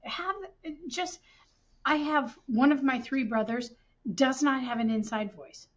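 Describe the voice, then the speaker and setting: A woman co-hosts a podcast, telling stories with emphatic indignation in a casual tone. Her voice sits fairly high. The sound is somewhat dull and lo-fi. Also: measured pace. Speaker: podcast co-host. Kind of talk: casual chat.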